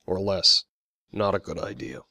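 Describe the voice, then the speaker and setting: A man's voice: sits low, unhurried, vocal fry, pushed and bright, no room sound, heavily acted. A man voicing a blunt, sardonic young man in an audiobook, offhand and dry.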